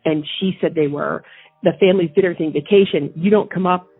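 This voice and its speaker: Over a tinny phone line with faint music behind her, a woman interview guest recounts events from her own life indignantly, often repeating herself and starting over. Her voice is lowish and slightly rough, and she talks fast.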